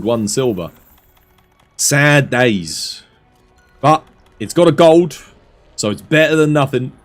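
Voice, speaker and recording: A young Australian man talks casually while streaming a game, laid-back and chatty, with a mid-range voice. Faint game music plays softly behind him. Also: mid-range voice. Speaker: streamer and coach. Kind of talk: casual gameplay stream chat.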